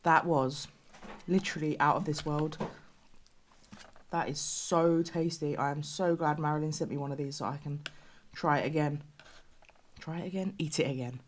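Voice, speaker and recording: A woman's voice: sits low, steady tone, moderate pace, a little hiss or hum. A British woman casually reviewing rations on her channel, chatty and exclaiming over the food, sometimes dropping to a near-whisper.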